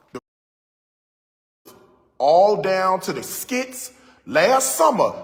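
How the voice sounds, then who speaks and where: A man lectures his stream audience emphatically, hammering points home by repetition. His fairly high voice swings widely in pitch, and a long hall reverb trails his words. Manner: emphatic and preachy, repeating key phrases. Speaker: livestream commentator. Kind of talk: impassioned social media commentary.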